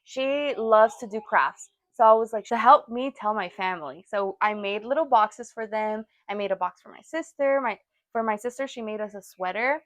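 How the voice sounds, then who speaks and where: Animated young woman telling stories. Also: fairly high pitch, normal speed, dry recording. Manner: animated storytelling, acts out quotes. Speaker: podcast co-host. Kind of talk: casual chat.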